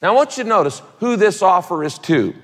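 A pastor with a fairly high male voice preaches with emphatic, repeated phrases and casual asides. His sermon rings with a long reverb tail from a large church hall. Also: big pitch swings, fast talker.

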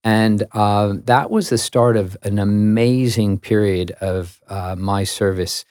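A man's voice: fairly low pitch, fairly even intonation, slow, a little mellow, dry recording, clean studio sound. A middle-aged man with an American accent, a radio guest telling a story in a chatty, self-mocking way. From United States. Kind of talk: casual chat.

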